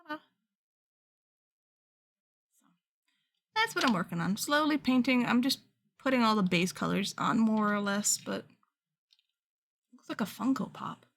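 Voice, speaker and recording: A woman's voice: on the high side, lively intonation, a little slow, vocal fry, long pauses, a little hiss or hum. Chatty woman painting on stream. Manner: chatty, rambling, laughs easily. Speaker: art streamer. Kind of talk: casual chat while painting.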